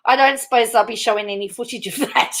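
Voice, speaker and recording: A woman's voice: fairly high pitch, fast talker. Giggly woman reading news aloud. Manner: keeps breaking into giggles while reading; chatty asides to viewers. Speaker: channel host.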